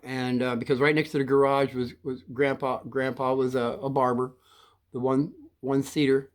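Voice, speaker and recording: A man in his sixties telling a childhood story casually, in a halting, rambling way with many restarts and throat-clearing. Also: mid-range voice, little pitch movement.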